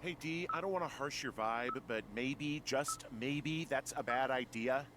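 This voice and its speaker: A man voicing a middle-aged male fire lookout in a video game, talking over a walkie-talkie in a low, dry, cautious way. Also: unhurried, noisy background, lightly acted.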